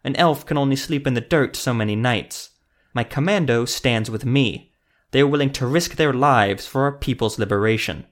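A man's voice: medium pitch, moderate pace, lightly acted. A man voicing a blunt, dismissive scarred female elf commando leader in an audiobook.

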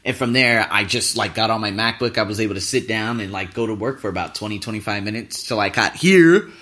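A man's voice: lowish voice, a little fast, bright, forceful tone. A man hosting a podcast, telling a travel story in a casual, profane, ranting way. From United States. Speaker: podcast host.

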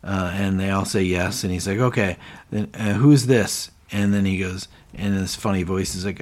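A man with a fairly low voice recapping a show on a casual podcast. He retells scenes with animation, jumping into quoted lines and trailing into fillers as he goes. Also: fairly even intonation, normal speed. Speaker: podcast co-host.

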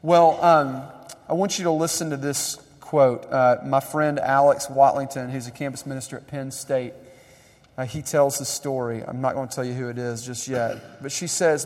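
A young adult man preaching a sermon in a conversational, animated way, building up emphasis. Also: medium pitch, moderate pace. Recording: long reverb of a large hall.

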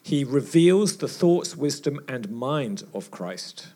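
A man's voice: medium pitch, slow. A man giving a sermon at a church retreat, telling a story and acting out the voices in it. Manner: animated storyteller acting out dialogue. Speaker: retreat speaker.

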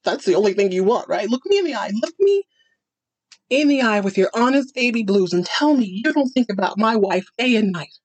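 A woman's voice: a little high, big pitch swings, a little fast, darkish tone, no room sound. A woman voicing a smug, rich old oil tycoon man in a sneering, self-justifying way.

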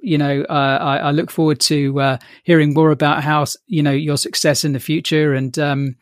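A man's voice: on the high side, flat delivery, normal speed, no room sound, studio quality. A man hosting a podcast interview, upbeat and effusive in his thanks. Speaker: podcast host.

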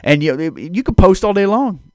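A man's voice: sits high, lively intonation, moderate pace, no echo. A man giving a casual devotional talk as a preacher and podcast host. He talks conversationally and repeats key phrases for emphasis.

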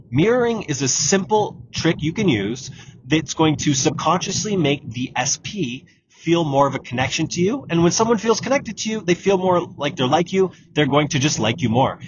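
A man hosting a solo podcast, giving direct coaching advice and repeating key points. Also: fairly high pitch. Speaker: exam prep podcast host. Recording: dull lo-fi audio with clear background noise.

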